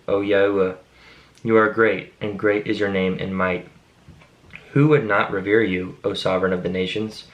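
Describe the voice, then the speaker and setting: A man reading scripture aloud at a steady, measured pace, now and then stopping to explain a word. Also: lowish voice, lo-fi sound. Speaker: Bible reader.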